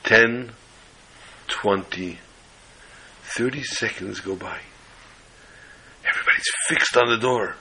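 A man telling a story dramatically, swinging between loud passages and hushed ones. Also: lowish voice, takes it slowly, long pauses, a little hiss or hum, low-quality recording.

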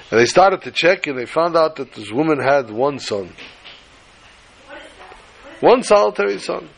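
A man telling a story to a class in a lively way, repeating phrases and mixing in Yiddish and Hebrew terms. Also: a little high, vocal fry, a little hiss or hum, poor audio.

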